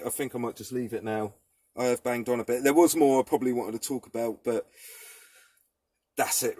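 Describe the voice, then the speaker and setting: A man's voice: mid-range voice, no room sound, studio quality. A man chatting casually to camera from inside his parked van, rambling and swearing as he laughs things off. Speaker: vlogger living in a van.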